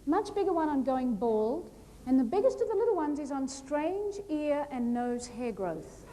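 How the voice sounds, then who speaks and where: Lively woman speaking on stage. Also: high voice, normal speed, a little hiss or hum. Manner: lively, animated, playful storytelling with acted-out asides. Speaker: motivational speaker. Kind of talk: humorous keynote talk on stage. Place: large hall before a live audience.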